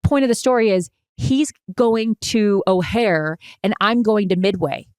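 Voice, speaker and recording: A woman's voice: mid-range voice, a little slow, smooth, no echo, clean studio sound. A woman co-hosting a podcast in casual chat, telling a story with lots of energy and the odd swear word. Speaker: podcast co-host.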